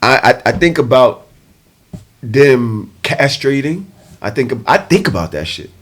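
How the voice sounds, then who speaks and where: A man, a guest on a podcast, speaking with passion and profanity, swinging from low brooding tones to loud outbursts. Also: animated, a little slow. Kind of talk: casual podcast discussion.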